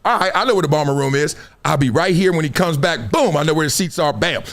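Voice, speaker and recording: A middle-aged man hosting a live stream, with a slightly high-set voice. He tells his story in animated, slangy casual talk and speaks right to his viewers. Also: fast talker. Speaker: show host.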